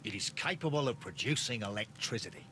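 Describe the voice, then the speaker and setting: A man's voice: lowish voice, lively intonation, a little fast, bright, forceful tone. A man voicing an irritable businessman and engineer in a video game, talking in a curt, formal way. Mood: brusque. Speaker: suspect questioned in a game.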